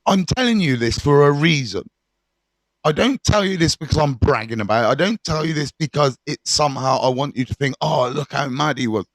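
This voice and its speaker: A man's voice: fairly high pitch, brisk, dry recording. Candid man telling his story. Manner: candid, animated, swears freely, many fillers. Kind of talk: casual storytelling to camera.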